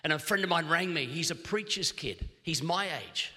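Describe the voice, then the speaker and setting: A middle-aged Australian man preaching a sermon, telling funny stories with quick restarts. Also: fairly high pitch. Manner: animated humorous storytelling with quick restarts. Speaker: pastor. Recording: long hall reverb.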